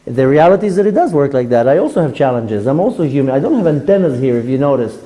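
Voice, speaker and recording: Male rabbi lecturer, animated and conversational, with a warm, dark tone. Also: mid-range voice, quick pace, poor audio. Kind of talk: Torah class lecture.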